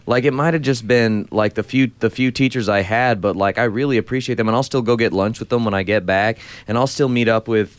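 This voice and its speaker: A man's voice: medium pitch, steady tone, fairly quick, few pauses, clear, resonant tone. A young adult man co-hosting a college radio show, chatting eagerly and enthusiastically. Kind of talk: casual chat.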